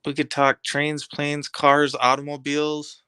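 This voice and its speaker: A man's voice: a little high, completely flat delivery, a little slow, sharp tone, smooth, no echo, studio quality. Slangy man rambling to his viewers. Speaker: live stream host. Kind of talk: casual chat with stream viewers.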